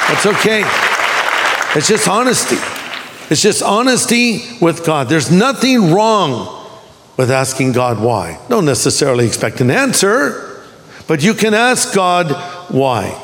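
High-voiced man preaching in a reverberant hall. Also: sing-song, fairly bright tone, a faint crowd, slight background noise. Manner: preaching with emphatic swings in pitch; preaching, slowing down for emphasis. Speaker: pastor. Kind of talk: sermon.

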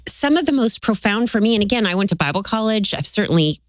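A woman from Texas, a guest author telling stories in an animated, folksy way on a faith talk show. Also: medium pitch, quick pace, dry recording.

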